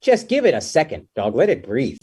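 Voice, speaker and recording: A young man talks as a guest comedian in a loose, casual interview. His voice sits in a middle pitch, and he jokes and riffs freely. He drops "dude" and "like" often. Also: huge pitch swings, brisk, warm tone, breathy edge. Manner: loose and joking, says "dude" and "like" a lot.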